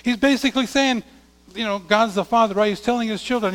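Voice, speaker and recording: A man preaching a sermon as a pastor, reading scripture aloud and swinging between loud declarations and hushed asides. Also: high voice, fast talker. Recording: long hall reverb.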